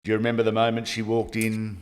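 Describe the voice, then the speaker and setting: Low-voiced podcast host asking questions. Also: male voice, fast. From Australia. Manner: short affirmations, steady prompting. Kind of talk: interview questions.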